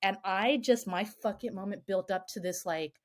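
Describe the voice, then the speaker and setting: A woman, a self-defense coach on a podcast, tells a story in a lively, casual way, swearing freely and filling her speech with "like". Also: medium pitch, normal speed. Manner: animated, swears freely, many "like" fillers.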